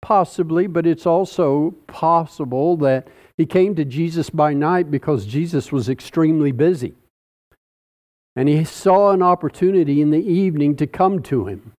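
A man preaches a sermon, teaching slowly and deliberately through a Bible passage with dramatic pauses. His voice is on the high side and a little mellow.

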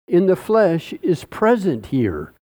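A man preaching a sermon, teaching slowly and deliberately through a Bible passage with dramatic pauses. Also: high-pitched, wildly swooping pitch, a little mellow.

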